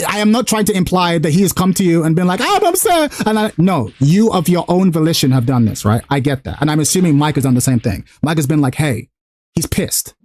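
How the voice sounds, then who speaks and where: A young man hosting a stream, talking fast and animatedly, arguing his point and acting out quotes in casual chat. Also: fairly high pitch, darkish tone, dry recording. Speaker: streamer host.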